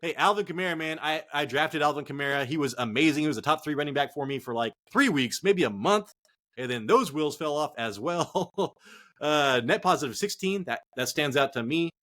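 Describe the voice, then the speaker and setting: Calling his audience "dude" and "man," a man hosts a sports podcast with excitable, casual energy and frequent swearing. He talks briskly in a voice that's a little high.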